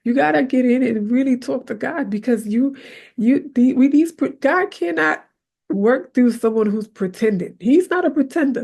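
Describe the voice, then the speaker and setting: Her voice is high, creaky, and slightly rough, moving at a normal speed. As host of a faith podcast, she delivers animated, chatty motivational talk about faith, peppering it with "right?" and easy laughter while acting out her prayers aloud.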